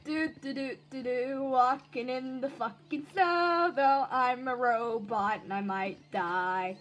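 Woman voices a grumpy box-carrying robot, murderous and foul-mouthed, hums and curses, high voice, slow comic dub. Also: a little hiss or hum, poor audio. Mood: humming, grumbling. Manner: hums tunelessly and swears constantly.

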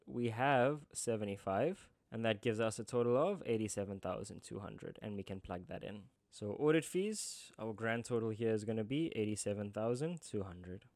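A man's voice: on the low side, a little mellow, no echo. A man teaching accounting in a tutorial, chatty, with joking asides. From South Africa. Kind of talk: screen-recorded tutorial.

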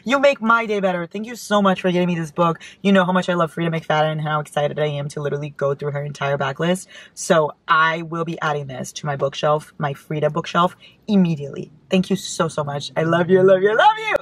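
A woman chatting casually in a car as a book vlogger, gushing and excitable, her voice jumping up into squeals. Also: deep voice, fast talker, no echo. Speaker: book vlogger opening fan mail. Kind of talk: casual chat. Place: inside a parked car.

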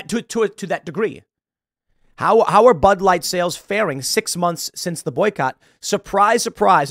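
A man hosting a commentary show talks in a sarcastic, mocking rant, often mimicking the people he criticizes. His pitch jumps around a lot and sits a little high for a man. The studio sound is close and dry, with little room echo. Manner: sarcastic, animated, mocks with put-on quotes. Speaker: host. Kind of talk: opinionated commentary monologue.

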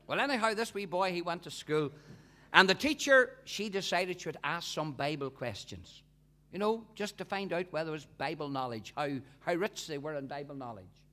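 A man with a Northern Irish accent, a gospel singer telling humorous stories at a concert in a lively, animated way. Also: fairly high pitch, moderate pace.

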